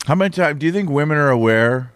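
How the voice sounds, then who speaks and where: Deadpan crude comedian, man. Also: a little high, fast talker, no room sound. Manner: deadpan, crude, matter-of-fact. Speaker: comedian guest. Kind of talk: crude comedic podcast banter.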